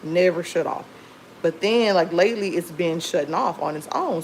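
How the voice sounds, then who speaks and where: A woman's voice: lowish voice, normal speed, slight background noise, rough recording. A woman chatting casually on a livestream from home, telling rambling stories full of fillers. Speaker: livestream host.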